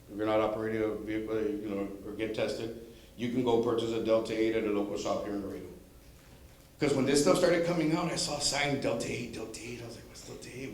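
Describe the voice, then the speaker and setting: A man's voice: medium pitch, darkish tone. A man giving an informal school presentation on drug prevention, telling stories and acting out what people said. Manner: storytelling, acting out quoted speech. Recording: strong room echo.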